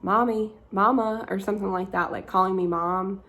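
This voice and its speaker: Chatty young woman with a gravelly voice. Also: medium pitch, flat delivery, a little fast, fairly bright tone. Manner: chatty, frequent "like" fillers, swearing. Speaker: vlogger. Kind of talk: casual storytelling.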